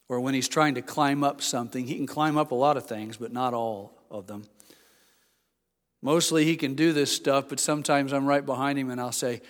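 An older man preaching a sermon as a pastor, rising to loud emphatic peaks, then dropping into quiet, homely storytelling. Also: fairly high pitch. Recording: long hall reverb.

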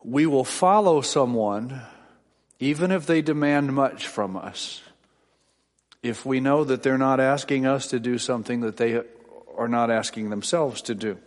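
Middle-aged male preacher, folksy and wry, storytelling sermon, mid-pitched, long hall reverb. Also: unhurried. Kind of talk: sermon with personal anecdotes.

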